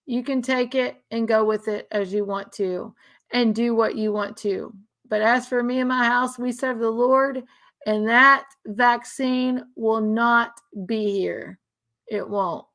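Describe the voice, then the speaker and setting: A woman's voice: a little high, steady tone, slow, a bit bright. A woman talking earnestly in an unscripted monologue, repeating herself and restarting sentences often. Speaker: speaker sharing religious views. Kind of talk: casual emotional monologue.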